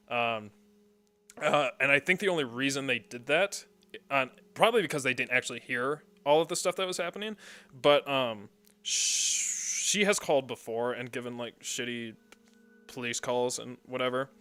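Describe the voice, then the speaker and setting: A man's voice: mid-range voice, normal speed, sharp tone, smooth. A young man streaming a game, telling a rambling story with frequent laughter and casual swearing.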